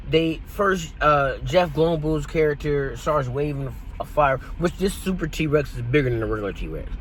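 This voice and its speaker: A man chats through a movie review, retelling the plot with a lot of energy. His pitch rises and falls constantly. A faint hiss sits underneath his voice. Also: rough recording. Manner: animated, jokey retelling. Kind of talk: casual movie review monologue.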